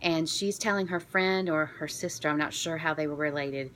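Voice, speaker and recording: A woman from Florida telling a story to camera in a chatty, self-deprecating, excitable way. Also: low-pitched, normal speed, a little hiss or hum. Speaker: vlogger.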